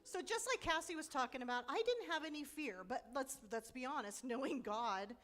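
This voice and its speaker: A woman's voice: high voice, animated, normal speed, a bit bright. A middle-aged woman giving a personal testimony at a church conference, telling her story candidly with frequent laughs. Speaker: conference speaker.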